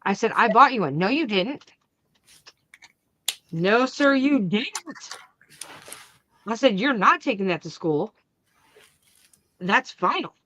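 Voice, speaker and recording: A woman hosting a crafting channel, chatting casually and acting out the family arguments in her story with lively energy. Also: a little high, takes it slowly, long pauses, no echo. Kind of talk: casual chat.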